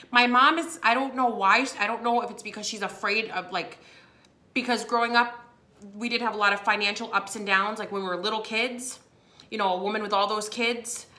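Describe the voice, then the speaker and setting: Bright-voiced chatty woman vlogger. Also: medium pitch. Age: 30s. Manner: chatty, lively, acts out quotes with laughs. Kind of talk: casual storytelling to camera.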